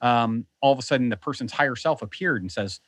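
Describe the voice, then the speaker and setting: Male guest, mid-pitched, animated and rambling, with a dry recording. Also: fast talker, no echo. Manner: animated, rambling, many restarts. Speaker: podcast guest who hosts his own show. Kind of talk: casual storytelling. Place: lives in a beach town.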